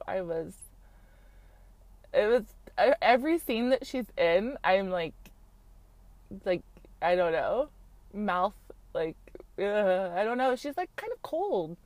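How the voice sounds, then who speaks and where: A woman's voice: medium pitch, lively intonation, slow, pauses often, a little mellow, no room sound. Woman, casual reality TV recap, gossipy, frank, lots of "like", dead dry room. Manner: chatty, frank, heavy use of "like", swears freely.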